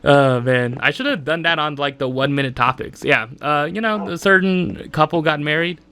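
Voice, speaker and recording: A man's voice: fairly high pitch, moderate pace, sharp tone, slight background noise. A young man hosting a solo podcast, rambling casually with lots of fillers and frequent laughs. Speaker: podcast host.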